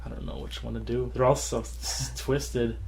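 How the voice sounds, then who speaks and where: A tired man co-hosting a podcast in casual chat, rambling and laughing often as he acts out shouted quotes. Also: mid-range voice, flat delivery, moderate pace, vocal fry, noisy background. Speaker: podcast co-host.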